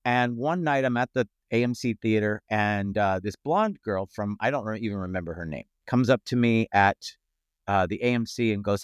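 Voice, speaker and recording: A middle-aged man, a comedian guest on a podcast, telling lively anecdotes and acting out what people said. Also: fairly low pitch, moderate pace, clean tone, dry recording, clean studio sound. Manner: animated anecdotes, acts out quoted voices. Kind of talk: casual storytelling chat. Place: podcast studio.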